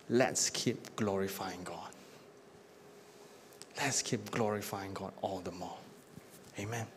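A male pastor delivering a sermon, building emphatic lists and then dropping to a hushed close at the end of each point. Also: medium pitch, unhurried, pauses often, a little hiss or hum. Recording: long reverb of a church hall.

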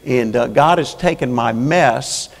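A man's voice: mid-range voice, a little slow, gravelly, big-room sound. A man preaching as a prison chaplain in a church, folksy and plain-spoken, building to fervent calls for an amen. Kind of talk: sermon. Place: church sanctuary.

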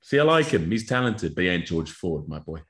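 A man's voice: low voice, very animated, a little fast, a bit bright. A man, a rugby prop co-hosting a podcast, talking in a laid-back, blunt way. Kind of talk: casual chat.

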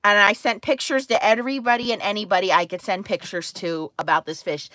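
A middle-aged woman hosting a crafting stream, telling a story in an animated way, laughing and acting out quotes. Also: mid-range voice, brisk, hardly any pauses. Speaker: crafting livestream host. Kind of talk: casual storytelling chat.

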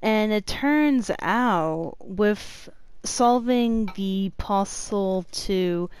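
A woman narrating a horror game as she plays, swearing a lot and moving from flat muttering to panicked yelps. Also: mid-range voice, drawn-out words, smooth, no room sound. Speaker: gamer. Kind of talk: let's play commentary.

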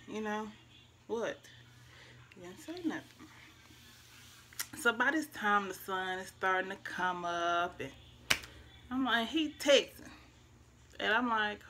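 Bright-voiced woman telling a story. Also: mid-range voice, slight background noise. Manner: emotional, drawn-out, drops to near-whispers. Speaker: vlogger. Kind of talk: casual storytelling.

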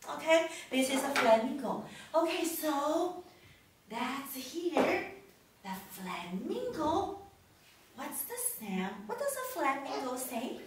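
Woman, high voice, slow and patient, children's storytime teacher, echoey distant noisy recording. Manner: slow, lively, repeats words for children to echo. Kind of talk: picture-book reading lesson for children.

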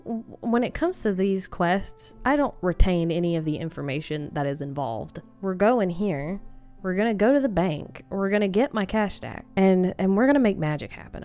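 A woman's voice: medium pitch, warm tone. Chatty self-mocking woman gaming host. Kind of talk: casual gameplay commentary.

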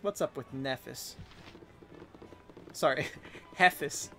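A man's voice: medium pitch, lively intonation, slow pace, creaky, a bit bright, soft background music. A young man giving playful, chatty let's play commentary as a streamer, laughing often.

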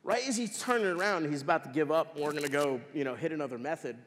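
A man tells stories from the stage of a large conference hall, loose and profane, cursing freely as he goes. His voice sits a little high for a man. A long hall reverb trails behind every phrase. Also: fast talker. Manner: animated, swearing freely. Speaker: conference speaker. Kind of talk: profane, casual storytelling talk.

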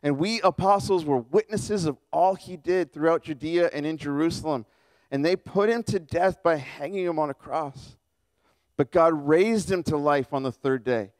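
A man's voice: a little high, darkish tone, dry recording. A male pastor preaching a casual, joking sermon and acting out the people in the story. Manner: casual, joking, acts out characters with quick voice shifts. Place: church.

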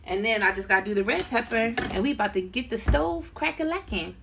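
Chopping vegetables in her home kitchen, a middle-aged livestream host chats casually with her viewers and laughs a lot. Her voice is on the high side, with vocal fry, and she talks a little fast. The background is noisy with loud chopping and clattering.

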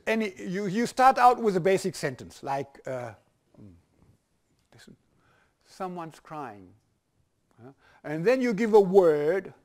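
A man's voice: a little high, darkish tone. An older man with a German accent giving a university lecture, hesitant, with many restarts and fillers.

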